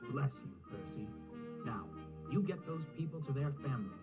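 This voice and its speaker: A man's voice: mid-range voice, expressive, moderate pace, close to an everyday voice. A man voicing a grumbling but good-humoured male tank engine in a storybook reading, wry in manner, with music underneath.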